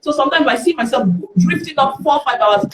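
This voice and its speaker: A woman's voice: sits high, fairly quick, background noise. A woman with a Nigerian accent, a guest speaker telling candid stories on a live stream and acting out the dialogue in them. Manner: lively, acts out dialogue in the stories. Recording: roomy echo.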